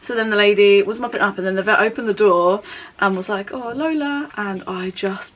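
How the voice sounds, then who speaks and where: A young woman talks through a long personal story while she does her makeup, in a loose, candid, rambling way full of fillers. Her voice sits at an ordinary middle pitch, and the tone is a casual get-ready-with-me vlog. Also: level tone, fairly quick, rough recording. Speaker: beauty vlogger. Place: at home doing makeup.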